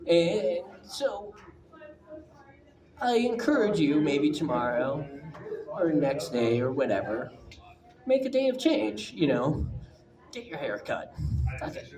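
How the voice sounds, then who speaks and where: A man speaking slowly as he tells a personal story to a live audience. He is animated and swears casually, stumbling through many restarts. His voice rings through an echoey room with a crowd audible. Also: a little high.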